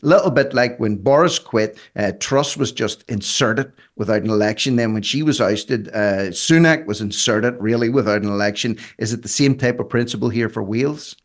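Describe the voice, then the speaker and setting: A man's voice: medium pitch, moderate pace, few pauses. A man hosting a radio talk show, chatty and jokey as he introduces a guest and poses questions.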